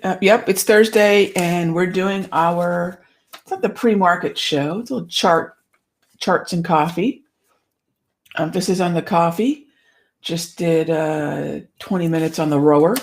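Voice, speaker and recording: A woman hosting a casual trading livestream from her office, chatty and upbeat, a little out of breath after exercise. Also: lowish voice. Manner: chatty and upbeat, lots of restarts and asides. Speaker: trading show host.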